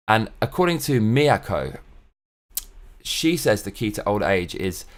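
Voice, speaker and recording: A man's voice: on the low side, big pitch swings, a little slow. A young man hosting his own show, talking in a casual solo monologue that is profane, ranting and opinionated. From England. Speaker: show host.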